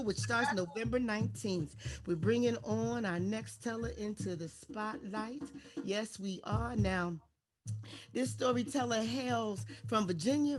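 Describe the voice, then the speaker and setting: A woman emceeing an online storytelling concert, exuberant and fast, hyping up the audience. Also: a little high. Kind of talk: energetic event hosting.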